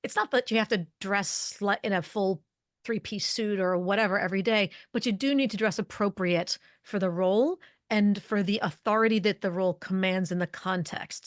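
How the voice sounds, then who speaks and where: A middle-aged woman appears as a guest on a conversational podcast interview, an expert in leadership communication who explains leadership presence articulately through strings of rhetorical questions. Her voice is medium-pitched, and the sound is clean studio audio with no echo.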